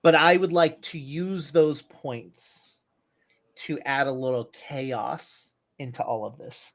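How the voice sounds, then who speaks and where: A man runs a tabletop horror game as game master. He talks slowly and halts often, repeating words and filling gaps as he narrates the scene. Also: medium pitch, steady tone. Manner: halting, many restarts and fillers.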